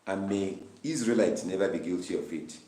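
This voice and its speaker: A man's voice: low voice, moderate pace, mellow. A man leading a Bible study, reading verses aloud and explaining them with repeated, emphatic phrases. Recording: roomy, distant mic.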